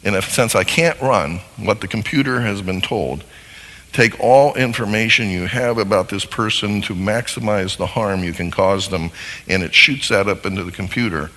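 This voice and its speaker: A man giving a live teaching talk to an audience in a large hall, animated and acting out little dialogues as he explains. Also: fairly low pitch, normal speed. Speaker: seminar speaker on marriage. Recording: long hall reverb.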